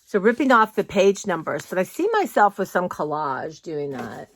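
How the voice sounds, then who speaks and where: A woman's voice: fairly low pitch, sing-song, moderate pace, a little hiss or hum. A woman vlogging casually from her home, chatty and rambling, often saying "y'all". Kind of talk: casual chat. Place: home, indoors.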